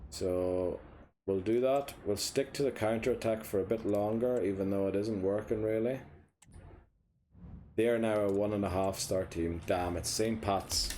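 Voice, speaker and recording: A man's voice: fairly low pitch, moderate pace, warm tone, a little hiss or hum. A man streaming a football game, talking casually at a desk microphone, ranting and swearing freely, then apologising. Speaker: gaming streamer. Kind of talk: casual gameplay commentary. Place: seated at a computer desk, indoors. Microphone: desk microphone, sometimes leaning back from it.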